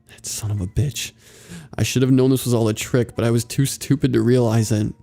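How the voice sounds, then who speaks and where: A man reading a horror story aloud in a steady, somber scripted narration. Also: medium pitch, a little fast, vocal fry.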